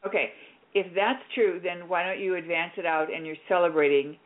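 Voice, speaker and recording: Animated woman host coaching on the air. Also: lowish voice, a little fast, phone-quality sound. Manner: directive and animated, plays out scenes. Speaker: radio show host and coach.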